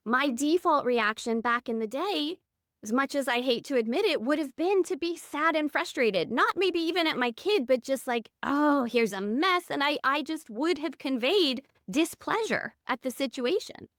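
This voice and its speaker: A woman's voice: high voice, animated, normal speed, a bit bright, no echo, studio quality. A woman in her thirties, a podcast guest telling personal stories in an earnest, candid way. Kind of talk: reflective interview conversation.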